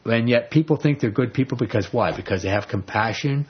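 A man teaching a Bible passage in a casual sermon, telling the story with animated energy and repeating words. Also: medium pitch, brisk, slightly rough. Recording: dull lo-fi recording.

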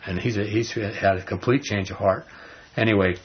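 A man's voice: lowish voice, fairly even intonation, moderate pace. A man leading an informal Bible study for a small group, talking in a rambling, conversational way with lots of "you know" and "okay?". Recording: dull lo-fi recording with faint noise.

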